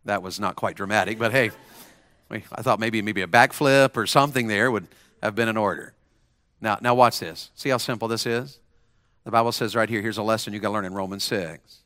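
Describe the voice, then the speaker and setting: A man's voice: lowish voice, a little fast, fairly bright tone, dry recording. A man preaching to students, using a volunteer as an illustration and leading them in call-and-response phrases. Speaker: preacher at a school chapel. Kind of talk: sermon to students.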